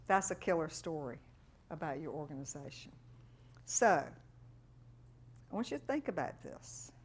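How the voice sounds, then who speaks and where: A middle-aged woman, a fundraising consultant giving a workshop talk and telling animated stories with quoted voices. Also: low voice, moderate pace, long pauses, husky.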